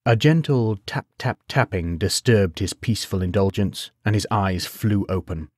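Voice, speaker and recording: A man narrating a bedtime story in a measured, unhurried way. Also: lowish voice, no room sound, clean studio sound.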